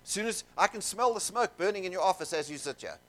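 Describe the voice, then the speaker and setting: A man telling stories to a seminar audience, animated and jokey, with asides to the crowd in a conference room. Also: high-pitched, quick pace. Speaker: seminar speaker. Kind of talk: keynote storytelling to an audience.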